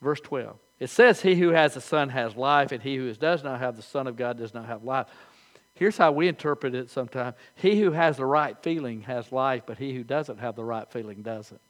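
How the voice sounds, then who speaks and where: An older man preaching a sermon as pastor, telling folksy stories with animated, halting restarts. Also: medium pitch.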